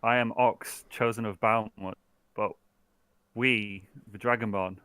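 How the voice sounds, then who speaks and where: A man voicing Ox, an earnest dragonborn envoy making a slow, formal petition. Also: on the low side, steady tone, bright, forceful tone, clean tone, dry recording.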